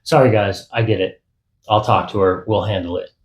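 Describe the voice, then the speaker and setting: A man voicing a calm, firm young man in an audiobook, steady and reassuring. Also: on the low side, moderate pace, reverberant, close to an everyday voice. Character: young man, gentle but firm partner. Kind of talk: audiobook character voice.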